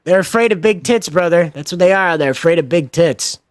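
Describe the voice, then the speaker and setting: A man's voice: high-pitched, a little fast, no echo, studio quality. A man hosting a livestream, ranting in a sarcastic, sweary, exasperated way. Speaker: livestream host. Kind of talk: casual ranting stream commentary.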